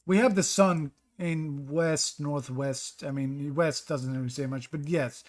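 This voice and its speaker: A man with a fairly high voice streams a geography guessing game. He reasons out loud and second-guesses himself. He chats casually with his viewers between guesses. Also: fairly even intonation, measured pace. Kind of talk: live-stream commentary reading chat.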